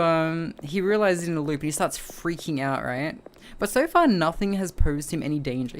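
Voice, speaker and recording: Low-voiced woman chatting casually. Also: slight background noise. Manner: tags sentences with "right?" and swears casually; acts out the character with short mumbled lines and cries. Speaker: streamer reviewing a film. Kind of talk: casual chat.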